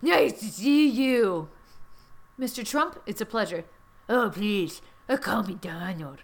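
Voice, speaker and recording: A woman doing a deliberately clumsy impression of a boastful older male tycoon with a smug, exaggerated drawl. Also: high voice, expressive, creaky, full character voice.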